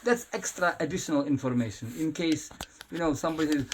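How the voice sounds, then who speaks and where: Male spiritual teacher, animated storyteller, slightly higher voice, faint hiss. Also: fast talker. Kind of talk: devotional talk. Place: private house.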